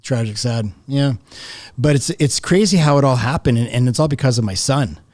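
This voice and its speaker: A man's voice: medium pitch, normal speed, darkish tone, no room sound, studio quality. A man in his fifties, a podcast guest telling a personal story in a chatty, laughing way. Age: 50s. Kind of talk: casual storytelling interview.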